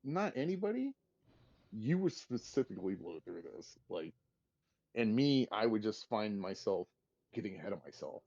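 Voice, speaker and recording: A man's voice: on the low side, very animated, normal speed, creaky, a little mellow, no echo. A laid-back young man streaming, casually chatting about a video game. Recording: dull lo-fi dry mic.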